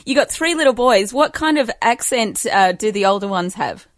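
A woman's voice: medium pitch, animated, moderate pace, dry recording. Conversational woman host with a dry sound. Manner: conversational, curious questioner. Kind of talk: interview host.

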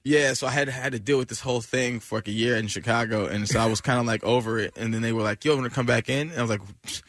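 A man talking as a comedy guest on the radio, easygoing and full of slang and restarts. The mic is close and dry, with no room sound. His pitch sits at an everyday middle level for a man. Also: fairly even intonation, fast talker, fairly bright tone, no room sound. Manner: laid-back, loose slangy talk with restarts and laughter. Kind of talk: casual interview chat. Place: radio studio.

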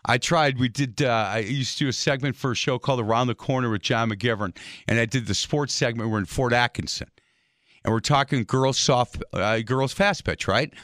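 A man's voice: medium pitch, moderate pace, dry recording, clean studio sound. Chatty male sports radio host. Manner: chatty storyteller, animated anecdotes.

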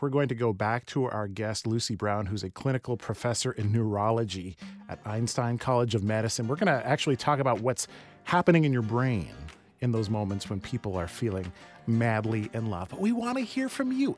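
A man hosting a call-in radio talk show, upbeat and energetic, repeating the phone number for listeners. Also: medium pitch. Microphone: studio microphone.

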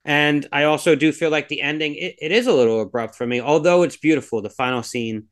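A man's voice: on the high side, fairly quick. A man co-hosting a podcast in casual chat, rambling and hedging with lots of fillers as he gives his views. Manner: rambling, hedging, heavy on fillers like "like" and "you know". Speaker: podcast co-host reviewing a film.

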